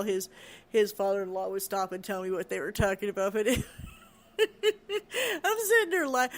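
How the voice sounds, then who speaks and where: A middle-aged vlogger ranting casually to camera, rambling and chatty, often breaking into laughter. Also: medium pitch.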